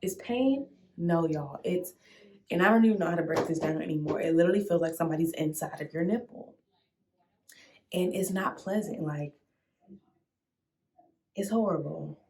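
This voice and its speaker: Full of slang, squeals and loud outbursts, this dramatic storytime comes from a young woman vlogger speaking casually. Her pitch is fairly low, her pace moderate, and she leaves long pauses.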